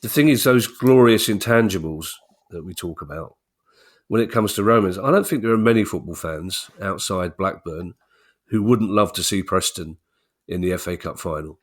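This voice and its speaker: A man's voice: low-pitched, moderate pace. A man co-hosting a podcast in casual chat, chatty and jokey with frequent restarts. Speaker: podcast co-host.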